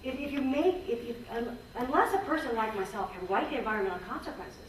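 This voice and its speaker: A woman's voice: on the high side, animated, quick pace. A woman speaks at a symposium in a frank, earnest way, circling back and restarting her sentences as she works her way through a point. She is heard from well back in a strongly echoing hall, with a faint hiss of noise underneath. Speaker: symposium presenter, former range conservationist. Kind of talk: conference talk with questions. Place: conference hall. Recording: echoey hall, distant mic, faint noise.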